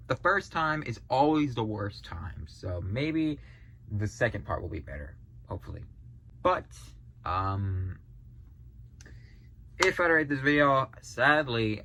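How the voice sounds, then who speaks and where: Tired, hesitant low-voiced reaction host man. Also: pushed and bright, a little hiss or hum. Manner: hesitant, trailing off with fillers and sighs. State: tired, yawning. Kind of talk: casual reaction commentary.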